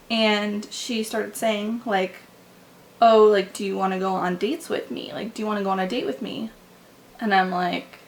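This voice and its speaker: A young woman vlogger telling a personal story in a candid, halting way, full of likes and restarts, recorded on a camera mic in her room. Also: fairly high pitch, gravelly, fairly bright tone, a little hiss or hum, poor audio. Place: bedroom with window open.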